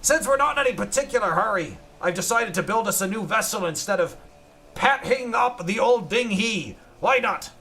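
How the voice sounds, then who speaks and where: A man's voice: high-pitched, lively intonation, moderate pace, sharp tone, voice pushed up, heavily acted. A man voicing a boastful, greedy male pirate leader in a hammy put-on Irish accent, drawing out his H sounds. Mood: swaggering. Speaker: streamer reading in-game notes aloud.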